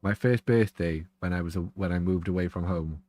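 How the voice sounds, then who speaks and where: Low-voiced man chatting on stream. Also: brisk, mellow, no room sound, soft background music. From Wales. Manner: chatty and joking, laughs often. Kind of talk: casual live-stream chat.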